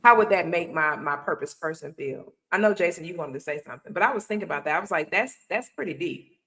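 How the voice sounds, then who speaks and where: A woman hosting a casual talk show, telling stories with lively acted-out quotes. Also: low-pitched, fast talker, rough recording. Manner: animated storyteller, acts out quotes. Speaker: host.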